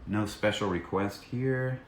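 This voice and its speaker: This man, a voice actor, chats slowly in a lowish voice on a live stream, his audio reverberant with a little hiss or hum. He keeps things playful, signing autographs and reading fan messages aloud.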